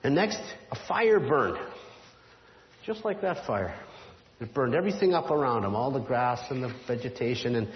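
A man preaching a sermon, retelling a story in an animated, conversational way. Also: medium pitch, moderate pace, slight background noise. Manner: animated, drops to a hushed voice for the whisper. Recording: dull roomy hall sound.

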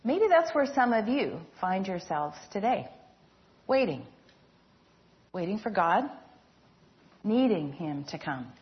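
A woman's voice: mid-range voice, big pitch swings, takes it slowly, pauses often, muffled recording. Earnest woman preaching a sermon. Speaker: pastor.

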